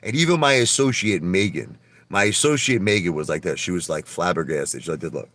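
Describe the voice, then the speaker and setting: A man hosting a livestream, telling boastful stories in a brash, animated way, often stammering and repeating his words and swearing a little. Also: low-pitched, brisk, dry recording. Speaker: livestream host. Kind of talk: casual livestream monologue.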